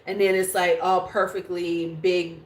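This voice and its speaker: A woman's voice: on the low side, little pitch movement, a little slow. A woman in her forties hosting a beauty livestream, chatting casually and bluntly with viewers and swearing freely. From United States. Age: 40s. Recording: echoey room.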